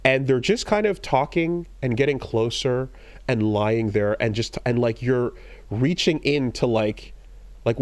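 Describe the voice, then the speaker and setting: Podcast co-host, male, lively storyteller who acts out the lines, dry close-mic sound. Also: mid-range voice, moderate pace, no room sound. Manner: animated storytelling, acts out quoted lines in raised voices. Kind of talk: casual chat.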